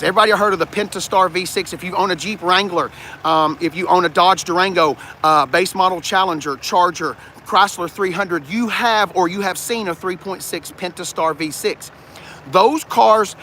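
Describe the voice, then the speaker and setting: A man talking in a loose, joking way, wandering from point to point and answering his chat. His voice sits high and gravelly. Faint background noise hangs behind him. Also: normal speed, sharp tone. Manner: jokey, rambling, talks to chat. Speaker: car vlogger. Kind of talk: casual livestream walkaround.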